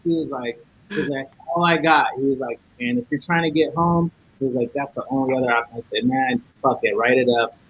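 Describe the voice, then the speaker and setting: A man's voice: medium pitch, steady tone, a little fast, fairly bright tone, a little hiss or hum, poor audio. A man guest on a podcast, telling a story in casual chat, acting out each side of the dialogue and cursing a lot.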